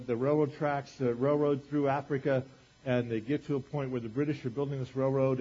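A man's voice: medium pitch, dark tone, husky, lo-fi sound. A man preaching a sermon to a congregation in a church, talking in a conversational way with lots of "you know" asides, asking the room questions and teasing them. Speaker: pastor.

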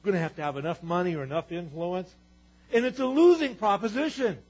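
A man's voice: high voice, quick pace, darkish tone, slightly rough. A man preaching a sermon as pastor, earnest and building to emphatic repeated declarations. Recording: dull, lo-fi sermon recording.

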